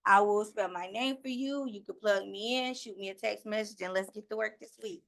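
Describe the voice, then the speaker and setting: A woman's voice: mid-range voice, creaky, a bit bright. Joking Southern woman with a country accent. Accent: Southern US, North Carolina country. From North Carolina, USA. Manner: chatty, joking, spells things out slowly. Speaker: new-home sales agent. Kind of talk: pitch to a team meeting.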